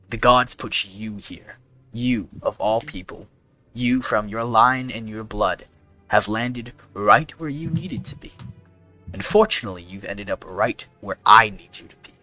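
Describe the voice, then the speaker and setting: Tabletop role-play: a man as an earnest adventurer, bright tone, calm persuasion. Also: on the low side. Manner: earnest, confiding, measured persuasion. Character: earnest young man pleading with a guard.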